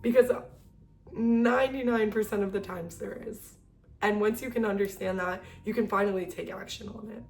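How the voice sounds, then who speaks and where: A woman's voice: medium pitch, steady tone, normal speed, darkish tone, faint music behind. A young woman talking casually and earnestly to the camera about self-care, chatty and full of fillers. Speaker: self-help video creator.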